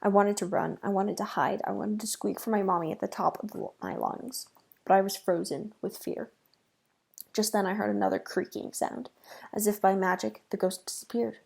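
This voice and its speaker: A woman reads a children's book aloud, expressive, with dramatic pauses. Her voice is gravelly and husky, at a middle pitch. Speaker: reader.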